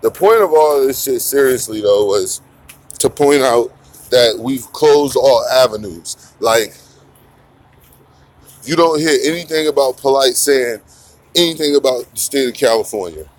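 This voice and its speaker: A man's voice: mid-range voice, measured pace. A man hosting a casual morning commentary, rambling and profane, mocking his targets and laughing often. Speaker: commentary channel host.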